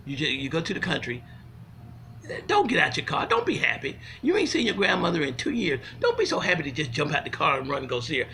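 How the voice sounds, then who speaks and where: A man telling comic stories in a folksy, animated way, swinging from loud to hushed. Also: a little high, vocal fry, slight background noise. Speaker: storyteller. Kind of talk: comic storytelling monologue.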